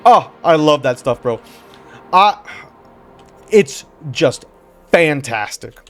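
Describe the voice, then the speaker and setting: A man's voice: fairly high pitch, animated, takes it slowly, faint music behind. A man giving casual, rambling commentary while he plays a game, slangy and profane, jumping between stories and reactions. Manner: rambling, profane, slangy, calls listeners brother. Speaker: gamer and commentator.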